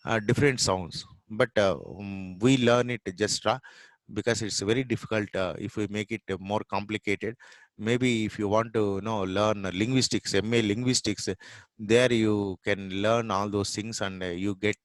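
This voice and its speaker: A man's voice: lowish voice, no room sound. A man with a Telugu-influenced Indian English accent, teaching pronunciation informally and repeating sounds to demonstrate them. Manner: repeats sounds and words slowly to demonstrate, many fillers. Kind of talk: informal spoken lesson.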